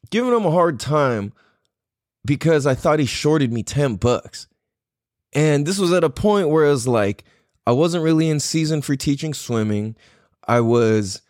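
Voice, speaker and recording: Male podcast host, casual storytelling, swears a lot, lively swooping pitch, dry close sound. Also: dry recording. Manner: profane, slangy, rambling with restarts; animated, voice jumps up when riled.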